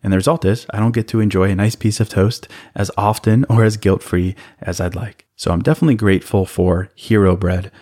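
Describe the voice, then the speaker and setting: A man hosting a podcast, reading a sponsor spot in a relaxed, conversational first-person way. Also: lowish voice, fairly quick, hardly any pauses. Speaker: podcast host. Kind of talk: host-read sponsor spot.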